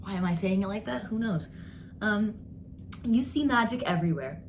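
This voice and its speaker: A woman giving a casual tarot card reading, bubbly and rambling as she talks excitedly. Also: mid-range voice, moderate pace, echoey room, slight background noise. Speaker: tarot reader.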